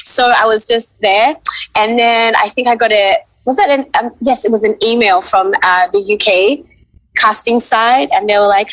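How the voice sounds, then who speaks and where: A woman's voice: mid-range voice, moderate pace, dry recording, poor audio. A woman with an Australian accent, a voice actress guest telling her story on a video call and acting out quoted reactions. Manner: animated, acts out quoted reactions. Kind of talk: casual interview storytelling.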